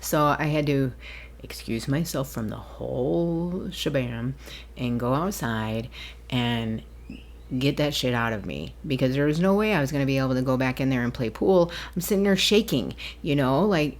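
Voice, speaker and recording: A woman hosting her own podcast, talking alone in a rambling, chatty way with quick laughs. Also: rumbling low. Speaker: podcast host. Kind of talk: casual solo podcast monologue.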